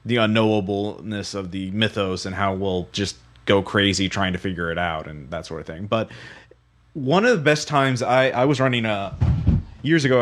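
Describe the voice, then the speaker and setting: Low-voiced man hosting a podcast. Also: fairly bright tone. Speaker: podcast host. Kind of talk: casual chat.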